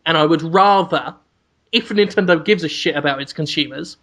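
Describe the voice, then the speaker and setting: A man co-hosting a casual comedy podcast, listing absurd complaints in a deadpan, mock-serious way. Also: fairly high pitch, moderate pace. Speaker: podcast co-host.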